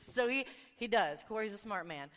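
A woman preaching a sermon, telling a family story with animated voices for the people in it. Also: mid-range voice, moderate pace. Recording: long reverb of a large hall.

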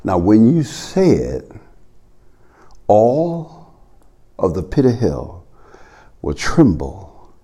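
A man preaching a sermon as pastor, swinging between loud calls and low murmurs. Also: huge pitch swings, drawn-out words, long pauses, slightly rough.

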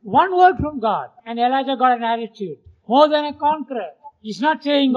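A man's voice: very high voice, lively intonation, moderate pace. Earnest man teaching a Bible class. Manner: earnest, emphatic, acts out quoted voices. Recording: dull lo-fi recording.

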